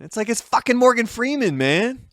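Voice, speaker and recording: A man in his thirties rambles through a story on a casual podcast, his voice hoarse and catching in his throat. He swears freely, restarts his sentences and keeps the talk loose. The sound is close and dry. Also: very high voice, moderate pace, no echo. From Portland, Oregon. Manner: swearing, many restarts, lively quoting of others. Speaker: podcast co-host.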